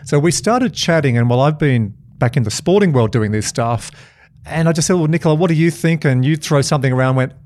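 A man co-hosting a casual podcast, telling energetic stories and acting out quoted lines. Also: medium pitch, brisk. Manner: energetic, storytelling with acted-out quotes. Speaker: podcast co-host.

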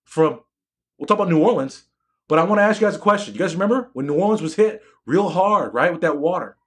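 A man's voice: fairly high pitch, expressive, fast. A man, an educator and physician, giving an emphatic live-streamed talk to his students, often repeating phrases.

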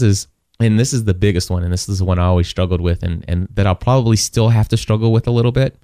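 A man speaks in a casual faith conversation, his voice low and warm. He stumbles and repeats words and now and then voices the people in his story. The sound is dry and close. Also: smooth, no echo.

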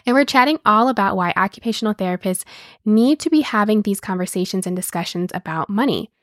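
A woman's voice: medium pitch, no echo, clean studio sound. A woman in her thirties hosting a podcast in casual chat, upbeat and gushing, laughing often. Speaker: podcast host.

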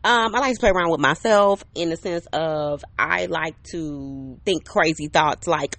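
A woman's voice: sits low, unhurried, few pauses, a bit bright. A woman hosting her own podcast outdoors, chatting casually and cheerfully, often checking in with listeners. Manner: chatty and upbeat, talks to listeners directly with many "okay?" and "right?". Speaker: podcast host. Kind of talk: casual solo podcast monologue. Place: outdoors under an umbrella on a patio. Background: neighbor's air conditioner.

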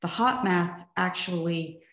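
A woman's voice: on the low side, slow, fairly bright tone. An older woman and coach telling her life story in a chatty, self-mocking way, often tossing in "right?" to her listeners. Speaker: coach and presenter. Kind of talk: personal story in a masterclass talk. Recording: echoey room.

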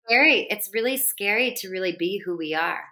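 A woman's voice: medium pitch, lively intonation, a little fast, bright, forceful tone. A middle-aged woman, a podcast guest and embodiment coach, talking in an earnest, flowing way with spiritual wording. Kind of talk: casual interview chat.

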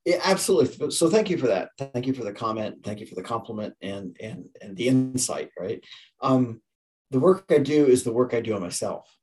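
A man's voice: medium pitch, animated, brisk, darkish tone. Man in his fifties, podcast guest, earnest storytelling, stumbles and repeats words, mid-range voice. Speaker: leadership coach and speaker, podcast guest. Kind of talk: conversational storytelling.

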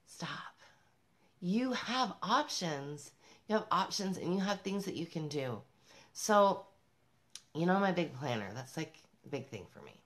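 A woman's voice: low-pitched, expressive, normal speed. A woman talking to the camera as a parenting vlogger, upbeat and emphatic, speaking straight to other mothers and laughing between points. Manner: upbeat, emphatic, addresses viewers directly. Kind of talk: motivational talk to camera.

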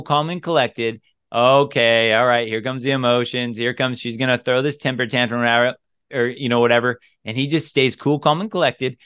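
A man's voice: medium pitch, fairly bright tone, clean tone, no echo, clean studio sound. A man co-hosting a podcast, talking earnestly in casual chat and repeating phrases for emphasis. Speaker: podcast co-host.

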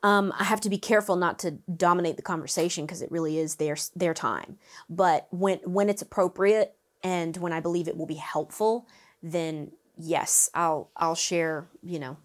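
Energetic woman vocal coach. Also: on the low side, moderate pace. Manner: animated and upbeat, breaking into vocal demonstrations. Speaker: vocal coach, interview guest. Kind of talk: lively interview conversation. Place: Nashville.

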